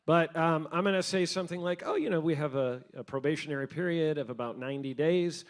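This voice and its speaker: A man's voice: on the high side, fast talker. A man co-hosting a business workshop, answering hiring questions with dry, laid-back jokes. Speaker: co-host, business owner. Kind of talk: casual workshop talk.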